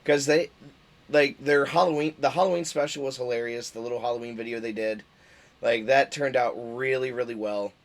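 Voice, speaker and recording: A man of middling pitch hosts a casual streamed interview. He talks hesitantly and stacks up fillers as he hunts for his words. He laughs along with his guest a lot. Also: steady tone, brisk. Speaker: stream host.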